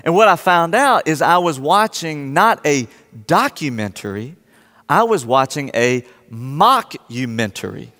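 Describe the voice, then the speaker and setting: A man telling a personal story to a live audience and acting out his own reactions in a lively, anecdotal way. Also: on the high side, a little slow. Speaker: speaker addressing a live audience. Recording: long hall reverb.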